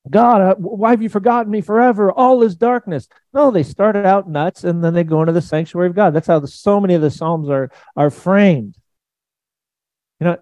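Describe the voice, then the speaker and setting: A man preaching a sermon in a conversational, emphatic way, swinging between loud and soft. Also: mid-range voice, no room sound, highs cut off. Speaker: pastor.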